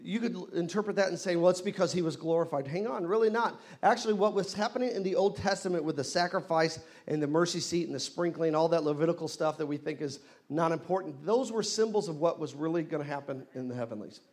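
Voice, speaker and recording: A man preaching a sermon in a church, leading the congregation in call-and-response and rising to loud exclamations. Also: a little high, quick pace, few pauses. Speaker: pastor. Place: church hall.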